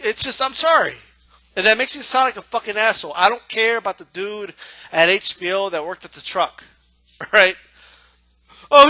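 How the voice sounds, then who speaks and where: A boxing commentator rants casually about the sport, profane and mocking, often repeating himself and making sarcastic asides. His voice sits high with a sharp tone, and the recording is dry.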